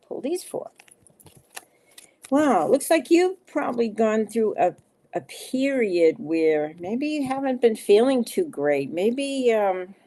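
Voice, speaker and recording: A woman's voice: mid-range voice, dark tone. A middle-aged woman giving live card readings to viewers, soothing and reassuring, with many fillers. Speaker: card reader.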